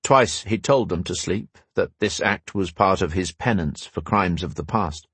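A man narrating a fantasy audiobook in a measured, even storytelling manner. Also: sits low, slightly rough, no echo. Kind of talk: scripted narration.

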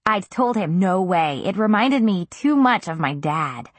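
A woman's voice: medium pitch, expressive, a little slow, no room sound. Woman audiobook narrator, first-person novel, intimate delivery, dry close sound.

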